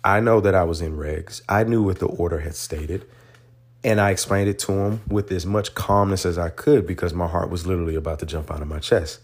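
A man with a very low, deep voice tells a personal story on his podcast. He speaks in an animated, earnest way and turns the story into a motivational lesson. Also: fairly quick. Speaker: podcast host. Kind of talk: storytelling monologue.

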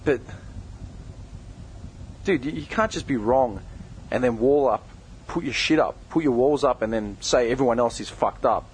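A man's voice: mid-range voice, normal speed, long pauses, slight background noise, rough recording. A young man who co-hosts a podcast, delivering a heated, confrontational rant full of swearing. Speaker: podcast co-host. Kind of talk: angry direct-address rant.

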